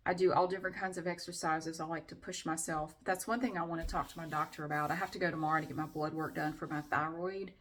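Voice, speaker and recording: A woman's voice: deep voice, fairly even intonation, fast, hardly any pauses, a bit bright, slight background noise. A middle-aged woman vlogging in a casual, chatty way with frequent fillers. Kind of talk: casual chat to camera.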